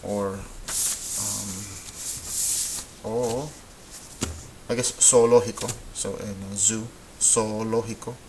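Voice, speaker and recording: A man teaching Spanish in a relaxed, patient way, thinking aloud as he works through examples. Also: fairly low pitch, slow, slight background noise, low-quality recording. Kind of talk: informal classroom explanation.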